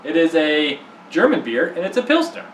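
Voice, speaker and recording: A man with a fairly high, very lively voice co-hosts a casual beer review and cracks jokes as he walks through the tasting. He sounds set back from the mic in an echoey room with a faint hiss behind him. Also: normal speed, distant mic. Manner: joking, leads the tasting. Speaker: co-host.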